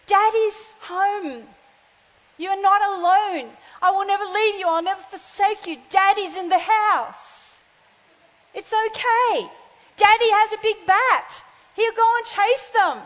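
Gentle fatherly God , woman preacher putting it on, high voice, reverberant room. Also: slow pace, heavily acted. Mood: reassuring. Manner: soothing, reassuring. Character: tender fatherly God comforting a scared child.

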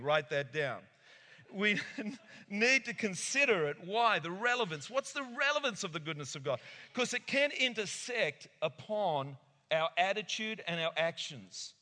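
A male pastor preaching a lively sermon, acting out little conversations and laughing often. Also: sits high. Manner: animated, acts out voices, laughs often. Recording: echoey hall.

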